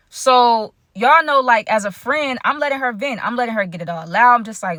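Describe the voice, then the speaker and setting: A woman with a bright, forceful voice, pitched a little high, spinning a personal story for her viewers. She talks slangy and chatty, full of fillers, in a dry, close recording. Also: expressive, fairly quick, few pauses, no echo. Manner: chatty, addresses viewers directly. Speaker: storytime vlogger. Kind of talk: casual storytime vlog.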